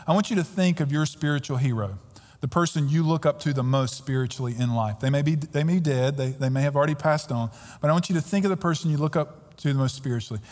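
A man's voice: on the high side, fast talker, darkish tone. A pastor preaching a sermon earnestly and emphatically, often repeating his words as he goes. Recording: long hall reverb.

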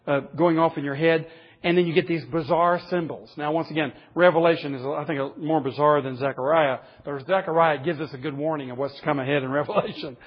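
A man preaching a conversational sermon, earnest, rising in pitch for emphasis and dropping to quiet asides. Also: muffled recording.

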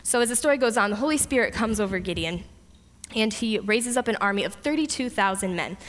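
A woman preaching a lively sermon, retelling a story with playful voices for the characters. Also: medium pitch, a little fast. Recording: long hall reverb.

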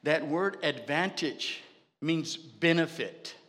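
A man's voice: on the high side, expressive, slow, fairly bright tone, long reverb tail. A man preaching a sermon as pastor, building with fervor and repeated phrases. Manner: preaching with rising fervor and repetition.

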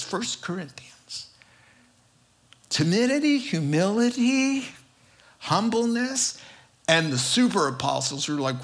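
A man preaching a sermon in an animated, jokey way, acting out quotes with big swings in his voice. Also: sits high, measured pace, long pauses.

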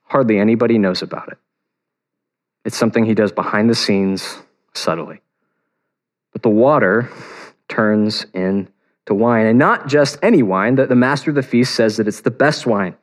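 A man preaching a sermon in an earnest, conversational way, slowing down to stress key words. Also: on the low side. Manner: conversational, earnest, slows for emphasis. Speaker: pastor.

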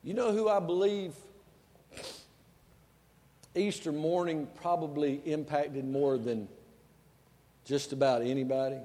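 A man preaching a sermon in a church, folksy and conversational, swinging between quiet asides and loud emphasis. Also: fairly high pitch, big-room sound. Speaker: pastor. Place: church sanctuary.

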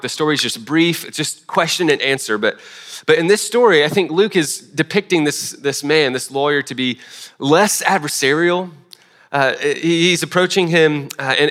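A man preaching a sermon in a relaxed, conversational way, full of restarts and self-deprecating asides. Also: a little high. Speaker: pastor.

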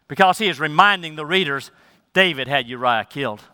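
A man preaching a sermon as pastor, speaking emphatically and then dropping into soft, low asides. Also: animated, a little fast, clean tone, dry recording.

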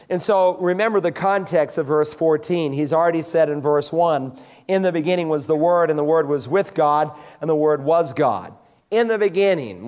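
A male pastor preaching a sermon, with an emphatic preacherly cadence and sudden slow, stressed phrases. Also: on the high side, darkish tone.

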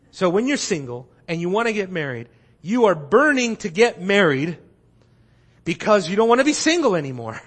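A man preaching a sermon as pastor, with impassioned emphasis and repeated phrases. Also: high voice.

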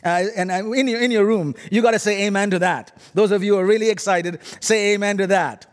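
Indian-accented preacher, high voice. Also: male voice, fairly quick, in a large hall. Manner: humorous, animated, audience-teasing. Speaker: guest preacher. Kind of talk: sermon.

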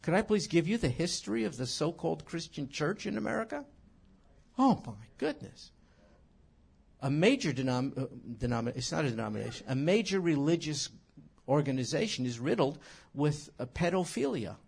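A man teaching scripture in an animated sermon, emphatic and full of rhetorical questions. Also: fairly high pitch, moderate pace, creaky, breathy edge. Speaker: Bible teacher.

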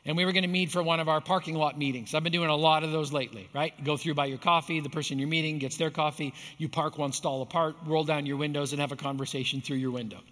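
A male pastor delivers a sermon, his voice bright and a little higher than most men's. He tells everyday stories and climbs to emphatic, repeated points. The sound trails off in the long reverb of a church hall. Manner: storytelling with rising emphatic peaks.

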